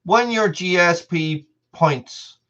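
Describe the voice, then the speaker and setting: A man's voice: high voice, takes it slowly, bright, forceful tone, muffled recording. A man hosting a casual live stream, chatting with viewers in a rambling way, full of restarts and repeated words.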